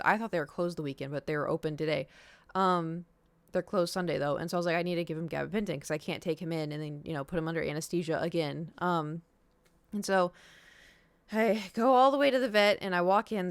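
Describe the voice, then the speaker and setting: Young streamer lady, smooth clear voice, dry close mic, rambles and acts out the convo. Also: on the low side, dry recording. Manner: rambling storytelling, acts out quoted dialogue, swears. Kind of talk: casual chat to stream viewers.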